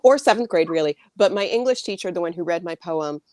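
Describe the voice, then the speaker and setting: A woman's voice: fairly low pitch, animated, quick pace, mellow, dry recording, studio quality. A woman author talking as a guest in a casual chat, with a slight lisp on her s sounds.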